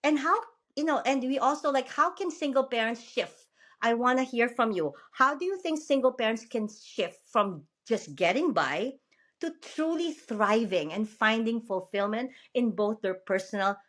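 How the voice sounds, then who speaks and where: A woman's voice: on the high side, moderate pace. Filipino-accented woman podcast host. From Philippines. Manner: animated, frank, many fillers and restarts. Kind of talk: casual interview chat.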